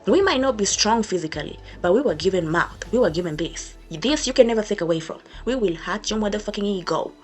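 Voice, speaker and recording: A woman's voice: mid-range voice, lively intonation, a little fast, few pauses, soft background music. A young woman vlogger giving a sassy, emphatic storytime rant to camera, repeating her points for effect.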